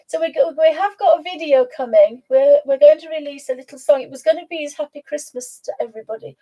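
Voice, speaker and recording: High, mellow-voiced woman host. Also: quick pace, rough recording. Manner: chatty, coos at her pet, laughs often. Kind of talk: casual live stream chat.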